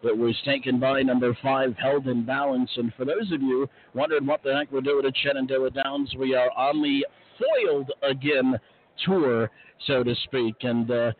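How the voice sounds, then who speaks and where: A man hosting a live racing podcast from a trackside stage outdoors, speaking in a hushed, casual way with many uh's. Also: medium pitch, steady tone, normal speed. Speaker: podcast host. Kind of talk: live racetrack broadcast chat. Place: outdoor stage on a racetrack finish line. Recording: tinny phone-like line.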